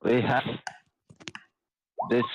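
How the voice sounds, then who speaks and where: A man's voice: very slow, slight background noise. A man voicing a brash male dwarf who announces fights in a tabletop game, with a muffled voice-chat sound. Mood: announcing.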